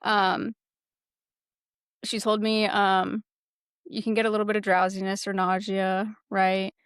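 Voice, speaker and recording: A woman's voice: mid-range voice, flat delivery, unhurried, clear, resonant tone, no room sound, clean studio sound. A young woman co-hosting a podcast, chatting candidly and rambling with lots of fillers. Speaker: podcast co-host. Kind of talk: casual chat.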